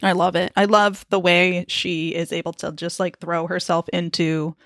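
Woman podcast co-host, casual jokey chat, gravelly tone, dry close sound. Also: lowish voice, flat delivery, normal speed, fairly bright tone, dry recording. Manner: chatty and joking, lots of likes and swearing. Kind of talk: casual chat recapping a TV episode.

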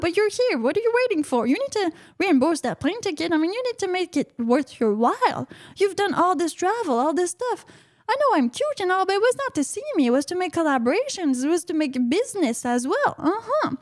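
A woman hosts her own radio show, talking through a long story and circling back to the same phrases. Her voice sits very high. The studio sound is dry and close, with no room in it. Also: no room sound. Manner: rambling, repeats herself, frequent uh-huh asides. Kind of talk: solo talk radio monologue.

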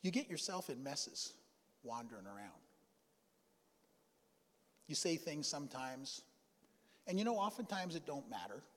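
A male pastor telling a personal story during a sermon, in a folksy, conversational way with pauses and asides. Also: on the high side, big pitch swings, long reverb tail. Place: church sanctuary.

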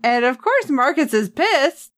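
Casting note: woman podcast co-host, lively sarcastic recap voice, dry close sound. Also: high-pitched, measured pace, no echo. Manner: animated, sarcastic, acts out characters' lines. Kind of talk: casual TV recap chat.

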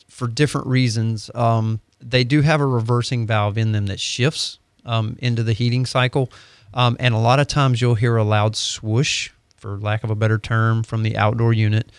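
Calm hvac guy on radio, smooth voice, dry mic, lots of ums. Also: mid-range voice, no room sound. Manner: steady, explanatory, with filler ums. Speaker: HVAC company guest expert. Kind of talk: casual radio chat.

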